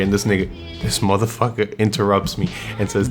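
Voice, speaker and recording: A man's voice: lowish voice, level tone, brisk. A young man telling stories in a blunt, slangy rant, swearing constantly. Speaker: vlogger. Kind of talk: casual profane rant, storytelling. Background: music.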